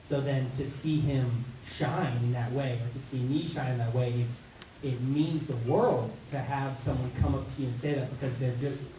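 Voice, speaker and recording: A man's voice: mid-range voice, fairly even intonation, normal speed, dark tone. A man voice actor on a convention panel, speaking earnestly and reflectively. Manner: earnest, reflective, teasing friend. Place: large convention hall, far from mic. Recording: echoey hall from far off with noise.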